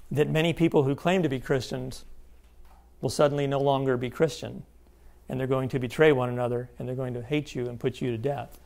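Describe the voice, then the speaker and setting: Gravelly man teaching a sermon seminar. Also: medium pitch, steady tone, a little fast, darkish tone. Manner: emphatic, checks in with listeners. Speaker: Bible teacher.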